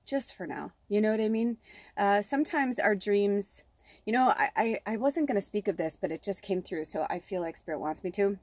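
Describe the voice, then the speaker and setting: A woman's voice: medium pitch, normal speed, a little mellow, dry recording. A middle-aged woman from the south suburbs of Chicago, giving a casual spiritual tarot reading, rambling off on tangents and swearing freely. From south suburbs of Chicago, USA. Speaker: tarot reader and medium.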